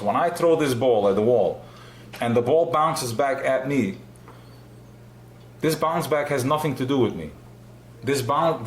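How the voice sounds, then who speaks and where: A man's voice: mid-range voice, a little hiss or hum. Guy giving a live chassidic class, passionate, keeps circling back, echoey room. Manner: passionate, repetitive, asks himself questions. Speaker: Chassidic teacher.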